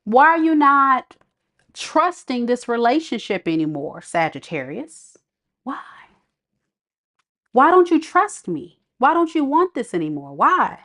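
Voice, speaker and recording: A woman's voice: high voice, big pitch swings, measured pace, a bit bright, voice pushed up, heavily acted. A woman voicing a hurt ex-partner who keeps pleading to know why they are being ghosted. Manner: whiny, pleading, rising indignation.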